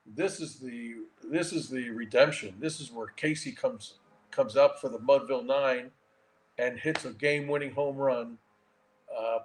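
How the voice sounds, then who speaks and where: Guest, man in his 60s, mid-pitched, animated storyteller with restarts. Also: poor audio. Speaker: guest, former baseball catcher and manager. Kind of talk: storytelling in a casual interview.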